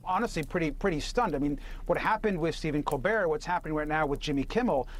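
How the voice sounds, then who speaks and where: A man's voice: fairly high pitch, expressive, quick pace. A man appearing as a congressman in a news interview, speaking in an earnest way. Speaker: congressman guest.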